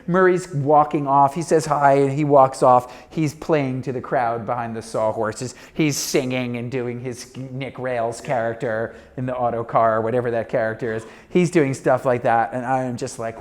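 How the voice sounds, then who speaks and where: A middle-aged man telling a story as a talk show guest, animated and acting out the voices of the people in it. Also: medium pitch, moderate pace, hardly any pauses.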